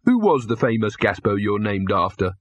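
A man's voice: on the low side, very animated, moderate pace, no room sound. A man voicing an earnest, naive young man who speaks plainly and curiously in an audiobook.

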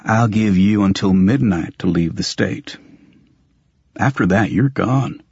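A man's voice: on the low side, slow pace, vocal fry, darkish tone, husky, no echo, heavily acted. A man voicing a cold menacing vampire lord. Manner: curt and threatening. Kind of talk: audiobook character voice. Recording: dull dry recording.

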